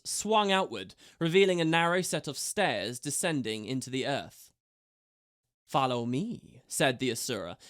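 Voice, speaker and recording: A man reading a fantasy audiobook aloud with steady, measured narration. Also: a little high.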